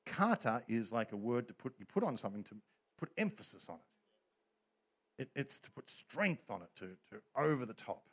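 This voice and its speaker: A man's voice: mid-range voice, very animated, normal speed, breathy edge. A middle-aged man preaching a sermon as pastor, telling stories with humor and quoted voices.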